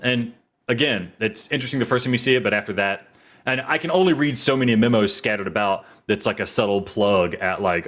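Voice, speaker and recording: A man's voice: lowish voice, lively intonation, brisk, fairly bright tone. A man reviewing a video game in a playful mock-courtroom manner.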